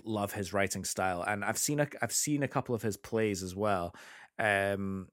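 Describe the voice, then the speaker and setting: Man, low voice, casual film chat, enthusiastic, halting, dry sound. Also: a bit bright, no echo. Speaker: podcast co-host. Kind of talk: casual chat about films.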